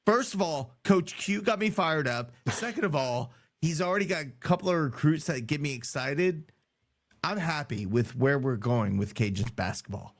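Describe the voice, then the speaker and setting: A man co-hosting a sports podcast, hoarse from yelling, talking in a casual, teasing way. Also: fairly high pitch, expressive, moderate pace. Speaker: podcast co-host.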